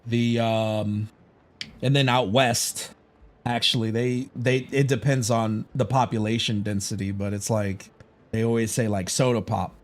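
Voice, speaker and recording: A gaming streamer from Chicago chats casually on a livestream, rambling, opinionated and swearing freely. His voice is fairly low in pitch, with a level tone and a measured pace.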